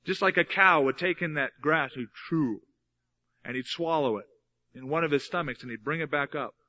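Earnest preacher man, bright and lo-fi. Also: fairly high pitch, moderate pace. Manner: earnest, explanatory Bible teaching with emphatic repetition. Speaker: pastor. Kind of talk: sermon.

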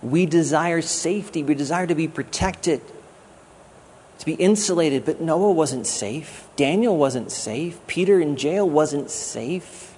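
Preaching as a guest pastor, a man speaks at a measured pace in a slightly high, a little mellow voice. His sermon is conversational, with jokes and acted-out quotes, over slight background noise.

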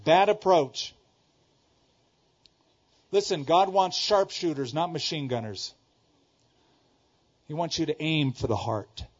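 A middle-aged man preaching a sermon with a slightly raised pitch, pressing his points by repeating them. He moves between booming outbursts and hushed asides. The recording sounds somewhat dull and lo-fi. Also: slow pace, pauses often, slightly rough. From Southern California. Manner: emphatic, repeats key phrases, shifts between loud exclamations and quiet asides. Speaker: pastor.

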